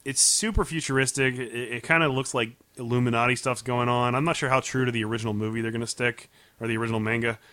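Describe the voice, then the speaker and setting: Chatty man, bright dry voice. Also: mid-range voice, fairly even intonation, fast talker, dry recording. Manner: chatty storyteller, laughs often. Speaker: podcast co-host. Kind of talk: casual chat.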